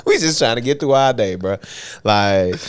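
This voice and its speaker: A young man on a podcast, telling a story in a casual, animated way, laughing often and using heavy slang and profanity. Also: medium pitch, normal speed, smooth, no room sound. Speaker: podcast co-host.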